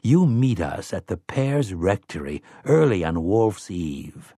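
A sly, easygoing schemer, played by a man, breezy and conspiratorial with folksy turns of phrase. His speech has a low, lively pitch and an unhurried pace. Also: husky, no room sound, clean studio sound, full character voice.

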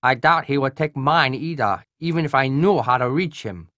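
Man doing a high nasal curt colonel. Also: normal speed, pushed and bright, dry recording, clean studio sound, close to an everyday voice. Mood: sly.

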